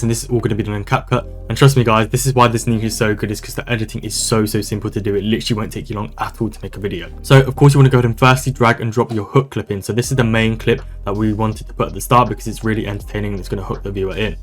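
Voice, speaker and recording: Male tutorial host, quick casual delivery, low voice, light music underneath. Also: fairly even intonation. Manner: brisk, casual, upbeat instructional talk. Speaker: online business coach. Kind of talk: screen-recorded software tutorial. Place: voice-over on a screen recording.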